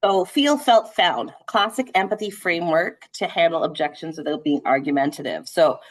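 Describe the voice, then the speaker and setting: Fast-talking woman real estate trainer. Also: fairly low pitch. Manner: conversational, frequent "right?" checks. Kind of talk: live sales training session.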